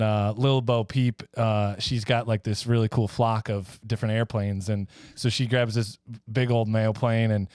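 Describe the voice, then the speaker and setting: A man co-hosting a podcast, telling a comedy pitch in a rambling way, full of fillers. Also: a little mellow, clean tone, dry recording, studio quality. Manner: rambling, filler-heavy storytelling. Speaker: podcast co-host. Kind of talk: casual comedic chat.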